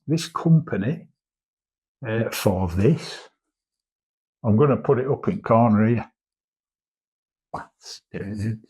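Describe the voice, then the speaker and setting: A man's voice: fairly low pitch, mellow, breathy edge. A man in his fifties, a commercial artist, chatting casually and rambling through a vlog, swearing now and then. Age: 50s.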